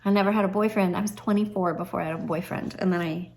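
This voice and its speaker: A middle-aged woman tells a personal story of faith in a relaxed, conversational way. She is earnest and chatty, often pausing with an "um" and going back to restart a phrase. Her voice sits at an ordinary middle pitch for a woman. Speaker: Christian vlogger. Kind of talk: personal testimony, casual storytelling.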